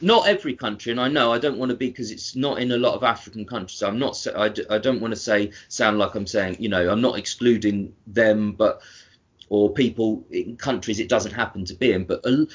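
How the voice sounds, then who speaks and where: Husky British man, rambling podcast chat. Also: lowish voice, brisk. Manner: rambling, self-correcting, teasing. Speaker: podcast co-host.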